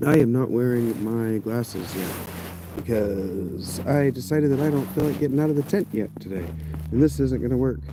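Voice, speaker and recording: A man chatting casually on a phone livestream from inside a wet tent, rambling, apologetic and quick to get frustrated. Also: medium pitch, background noise. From Ohio. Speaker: livestreaming creator. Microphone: phone camera set down close.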